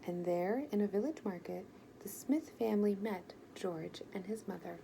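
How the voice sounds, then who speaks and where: Mellow, slightly gravelly woman storyteller. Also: mid-range voice, moderate pace, slight background noise, poor audio. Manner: gentle, expressive read-aloud. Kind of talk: reading a children's picture book aloud.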